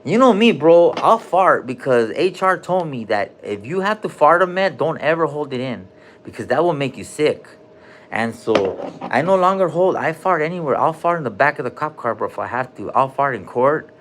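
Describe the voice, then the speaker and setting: A man's voice: medium pitch, animated, normal speed, fairly bright tone, slight background noise. A man rambling loosely on a live stream from a hospital room, cursing and dropping slang as he jumps between topics.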